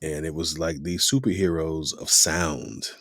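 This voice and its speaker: His voice rumbles low and creaky and runs a little slow as this voice actor chats in an interview, animatedly acting out quoted voices. The clean studio recording carries no room sound.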